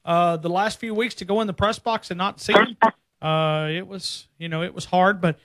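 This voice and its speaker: A man's voice: high-pitched, normal speed, no echo. Southern man hosting a sports call-in show. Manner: relaxed, easygoing, many fillers. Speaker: sports radio host. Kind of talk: call-in radio chat.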